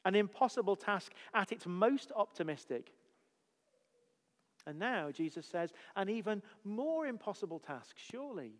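Emphatic preacher in echoing church. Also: male voice, high-pitched, unhurried. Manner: emphatic, rhetorical questions, steady preaching cadence. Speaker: pastor. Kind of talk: sermon.

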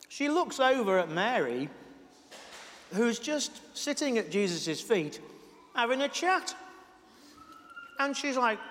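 A man's voice: sits high, a bit bright. A man pastor giving an informal, chatty sermon with jokes, talking while eating. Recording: reverberant hall, faint noise.

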